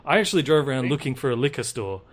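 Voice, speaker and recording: A man's voice: mid-range voice, animated, rapid-fire. Guy on a movie podcast hamming up how bad a movie made him feel, casual chatter. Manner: dramatic, self-mocking storytelling. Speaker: podcast co-host. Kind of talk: casual movie review chat.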